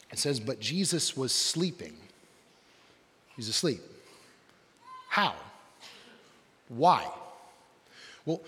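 A male preacher giving a conversational sermon, leaning on "like" and dropping to a hush for emphasis. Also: a little high, big-room sound. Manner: conversational, lots of "like", dramatic drops to quiet.

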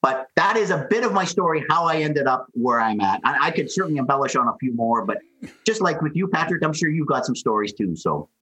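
Lively, husky man telling stories. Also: on the high side, brisk, poor audio. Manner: animated, tells stories acting out quotes. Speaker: guest. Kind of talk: storytelling in a podcast interview.

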